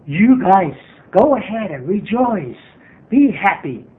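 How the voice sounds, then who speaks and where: A man's voice: sits high, big pitch swings, slow pace, background noise. A man preaching a sermon as pastor, earnest and repetitive, with frequent hesitations. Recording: tinny phone-like sermon recording.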